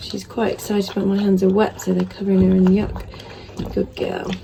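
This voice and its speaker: Lady dog trainer, phone in one hand, hand feeding her puppy, mid pitch, soft praise muttered now and then, bit of faint hiss. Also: little pitch movement, normal speed, vocal fry. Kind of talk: casual instructional talk. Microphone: phone held in hand.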